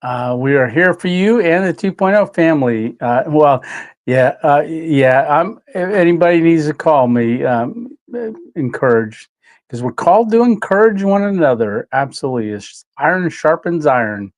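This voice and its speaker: Soft-spoken emotional man on live stream. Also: on the high side, animated. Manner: emotional, pauses often with fillers. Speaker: channel host. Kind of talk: live stream chat reading comments.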